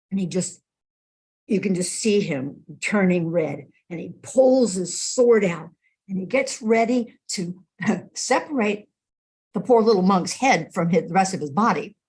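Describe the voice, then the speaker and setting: A woman minister giving a sermon, telling a teaching story in a slow, expressive way. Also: on the low side, husky.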